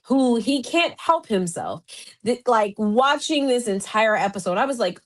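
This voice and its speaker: An animated woman hosting a podcast, talking through a casual recap at a mid pitch. She rambles chattily with plenty of fillers and restarts. Her voice leaps upward whenever she gets excited. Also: takes it slowly. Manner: voice jumps higher when excited. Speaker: podcast host.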